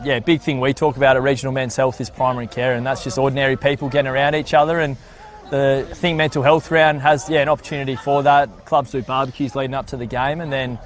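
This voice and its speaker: A young Australian man speaks as a guest on the commentary mic at an outdoor football ground. He talks in a casual, hesitant way, with a mid-range voice and frequent fillers. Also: mid-range voice. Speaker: guest, community health educator. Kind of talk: on-air chat as a guest.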